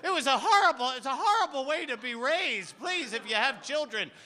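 A man's voice: very high-pitched, lively intonation, fairly quick, bright, forceful tone. A man doing stand-up comedy on a club stage, with a theatrical, flamboyant delivery.

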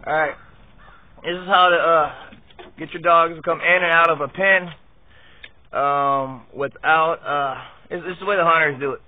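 A man's voice: a little high, steady tone, moderate pace. A man giving rambling, casual commentary as he handles dogs in a pen outdoors, repeating words and grunting with effort. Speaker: vlogger showing dog handling. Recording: tinny phone-like audio, faint noise.

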